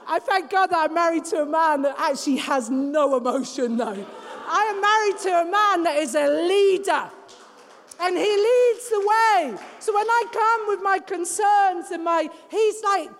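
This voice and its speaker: A woman preaching a sermon to a women's gathering in an emphatic, exhorting, animated way. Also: extremely high pitch, a little slow. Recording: long hall reverb.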